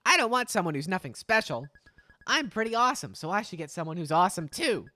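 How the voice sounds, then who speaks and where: A woman voicing a defiant, stubborn young girl with shrill, outraged protests, read aloud from a game. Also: big pitch swings, quick pace, pushed and bright, no echo.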